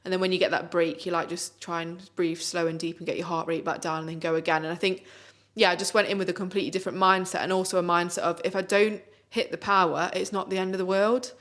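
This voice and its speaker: A woman's voice: fairly low pitch, flat delivery, fast talker, hardly any pauses, fairly bright tone. A young woman, co-hosting a podcast in a chatty, upbeat way with many fillers. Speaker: podcast co-host. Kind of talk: casual podcast chat.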